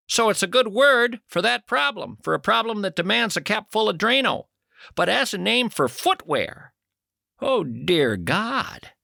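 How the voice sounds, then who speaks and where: Host, middle-aged male, wry deadpan monologue, bright edgy tone, occasional bursts. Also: sits high, creaky, no room sound, clean studio sound. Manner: wry, deadpan musing with sudden loud outbursts. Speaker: radio host. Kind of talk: comic monologue.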